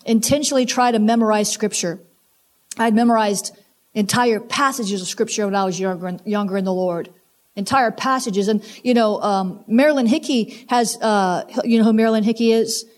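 A woman's voice: mid-range voice, moderate pace, darkish tone. A woman preaching a sermon, emphatic and full of repeated exhortations.

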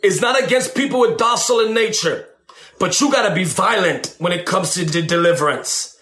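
A man preaching on deliverance, animated and emphatic, who acts out shouting ministers and calls his listeners baby. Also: sits high, fairly quick, roomy sound. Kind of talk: sermon.

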